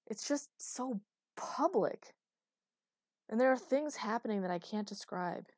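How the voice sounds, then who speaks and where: A man's voice: high voice, lively intonation, a little slow, darkish tone, dry recording, pitched above the performer's own voice. A woman reading the lines of an agitated male official in an audiobook, in a dry recording. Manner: agitated, exasperated. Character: tense, irritated male government official.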